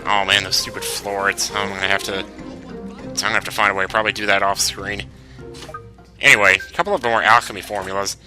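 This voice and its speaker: A man's voice: on the low side, fairly even intonation, fairly quick, bright, forceful tone, soft background music. A man commentating on a video game as he plays, joking and rambling. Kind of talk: let's play commentary.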